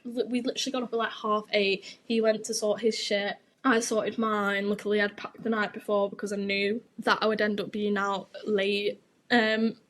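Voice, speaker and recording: A young woman, hosting her podcast and telling a gossipy story in a frank, sweary, chatty way. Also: a little high. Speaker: podcast host.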